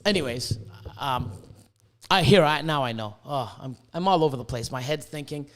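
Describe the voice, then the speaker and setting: A man hosting a casual podcast, rambling and swearing as he tells animated stories, hot and sweating in his room. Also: mid-range voice, normal speed. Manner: profane, rambling, animated storytelling. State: sweating, overheated. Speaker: podcast host, reptile breeder. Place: hot indoor room with a fan.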